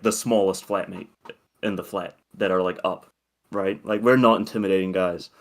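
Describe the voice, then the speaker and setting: A young podcast co-host with a fairly low voice tells a long, loose story, laughing often along the way. The chat is relaxed, and he rambles and swears freely.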